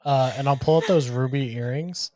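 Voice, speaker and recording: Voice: mid-range voice, normal speed, dark tone. A tabletop game player who speaks hesitantly, with fillers. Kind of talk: casual tabletop play.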